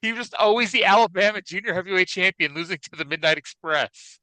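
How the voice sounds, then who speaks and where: A bright, crisp-voiced man co-hosts a podcast. He chats in a wry, profane way, and the recording is close and dry. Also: high voice, fast talker, dry recording, poor audio. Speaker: podcast co-host. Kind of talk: casual chat about wrestling.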